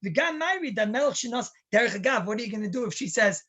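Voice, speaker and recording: A man's voice: sits high, sing-song, quick pace, a bit bright. A man, a rabbi, teaching a halacha class in a chatty lecture style, telling stories and asking rhetorical questions.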